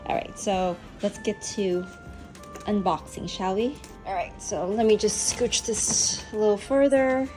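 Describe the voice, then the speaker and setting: A woman's voice: medium pitch, fairly even intonation, unhurried, darkish tone, soft background music. Chatty young woman reviewing a gadget. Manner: chatty, filler-heavy, talks to her pets. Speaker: beauty vlogger. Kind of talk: casual product review vlog. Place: her home.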